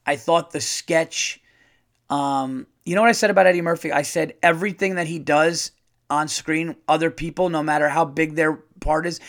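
Profane, fast-rambling comedian host. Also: male voice, fairly high pitch. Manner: profane, animated, rambling with restarts. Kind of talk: casual monologue.

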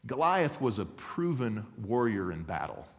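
A pastor with a mid-range, very animated voice preaches at a measured pace, telling stories, acting out quotes, and asking the congregation for an amen. Long hall reverb fills the recording.

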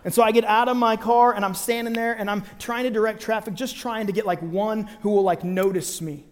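A man preaching through a personal story, with a high-pitched voice. He tells it with animated energy and pops in and out of the voices of the people he quotes. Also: brisk, big-room sound. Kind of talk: sermon storytelling.

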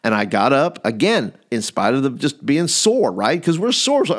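A man's voice: on the high side, huge pitch swings, moderate pace, few pauses. A man in his forties giving a casual teaching talk on youth ministry, rambling with fillers and restarts as he tells a story. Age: 40s.

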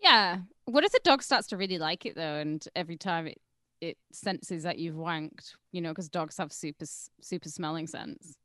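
A woman's voice: deep voice, expressive, normal speed, bright, forceful tone, no echo, clean studio sound. A woman co-hosting a crude comedy podcast, teasing and bawdy, laughing often. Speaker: podcast co-host.

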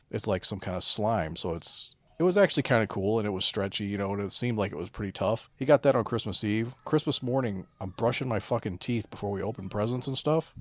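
Low-voiced profane podcast co-host. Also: male voice, no echo. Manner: profane, storytelling, acts out kids' voices. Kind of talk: casual chat.

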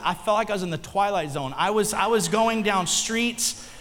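Faint music and long hall reverb surround this sermon. The middle-aged male pastor has a high-pitched voice at a moderate pace, and he banters with the congregation through animated, jokey storytelling.

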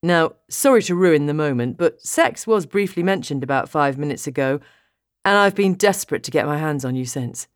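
A woman's voice: low voice, animated, moderate pace, no room sound, clean studio sound. A woman voicing a playful young boyfriend. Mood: teasing. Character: affectionate young adult man, playful teasing boyfriend. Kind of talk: audiobook character voice.

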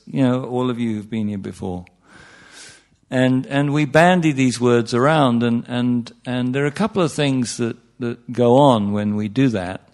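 A man teaching meditation to a live audience in an informal talk, chatty and wry, often restarting sentences and asking the room questions. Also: medium pitch. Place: speaking in front of a room of listeners.

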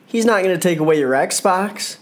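A man's voice: high voice, animated, normal speed. A man giving casual solo commentary on a wrestling show, rambling, joking and correcting himself as he goes. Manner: rambling, self-correcting, jokey.

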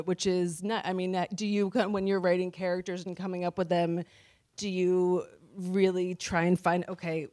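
A woman moderating a panel, asking long, thoughtful questions with pauses and fillers. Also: lowish voice, a little mellow.

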